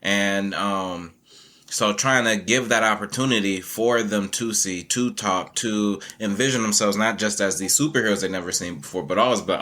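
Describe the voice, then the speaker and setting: A man with a low, bright, forceful voice tells stories about his teaching. He talks in an animated way, laughs often and acts out the lines of the people in his stories. It sounds like a relaxed conversation. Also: normal speed. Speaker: community educator, guest. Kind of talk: conversational storytelling.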